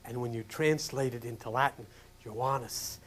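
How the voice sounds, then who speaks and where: An older male pastor from New Jersey preaching a sermon, swinging from loud, emphatic questions to hushed whispers. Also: medium pitch, normal speed, slight background noise.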